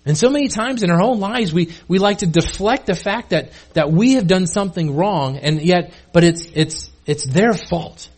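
A man's voice: high-pitched, lively intonation, moderate pace, hardly any pauses, a little mellow, husky. A male pastor delivering a sermon in a casual, conversational way, often repeating and restarting words.

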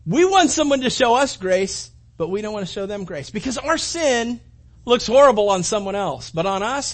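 A man preaching a conversational sermon, animated and full of restarts and acted-out asides. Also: high-pitched, normal speed. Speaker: pastor.

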